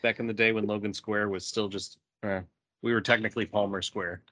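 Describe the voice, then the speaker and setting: A young adult man co-hosting a podcast in casual chat, relaxed and making dry remarks. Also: on the low side, brisk, dry recording. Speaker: podcast co-host.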